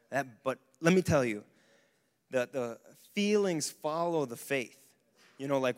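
A young adult man giving a casual, animated sermon to a young adults service, with bursts of exclamation. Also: mid-range voice. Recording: long hall reverb.

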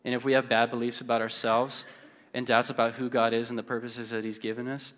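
A man preaches a sermon in a church sanctuary, his medium-pitched, slightly bright voice level in tone and fairly quick. His delivery is conversational and full of fillers, shifting between playful and earnest, with long hall reverb and faint music in the background.

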